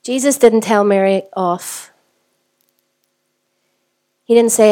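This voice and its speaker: A woman pastor from Northern Ireland preaches a sermon conversationally, posing rhetorical questions to the congregation. She speaks slowly in a warm, mid-range voice with a Northern Irish accent.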